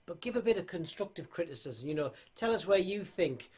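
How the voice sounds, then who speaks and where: A man's voice: high voice, lively intonation, brisk, darkish tone, breathy edge. A man co-hosting a livestream, chatting casually with teasing, jokey banter. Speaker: co-host of a livestream. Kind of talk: casual chat.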